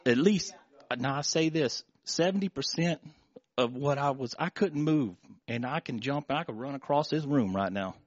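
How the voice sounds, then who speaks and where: A middle-aged man giving an emotional, halting testimony before a congregation, often repeating words and restarting his sentences. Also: mid-range voice, dull audio. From Florida. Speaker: church member giving testimony.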